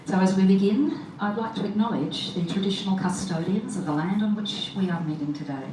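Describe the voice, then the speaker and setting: A woman's voice: mid-range voice, brisk. A woman, a wedding celebrant speaking to the guests in a chatty, upbeat way. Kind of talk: officiating a wedding ceremony. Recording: echoey, distant, noisy.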